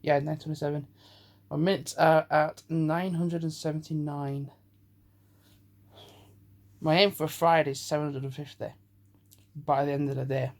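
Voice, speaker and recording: A man vlogs casually on a walk outdoors, holding his phone as he goes, rambling and chatting while out of breath and sighing often. His slightly high, gravelly voice stays level at a measured pace with frequent pauses, and there's no room sound.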